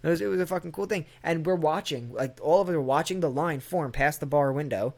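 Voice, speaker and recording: A man's voice: a little high, fast talker. A man casually telling a long, rambling, profane story in a chat, acting out the people he quotes.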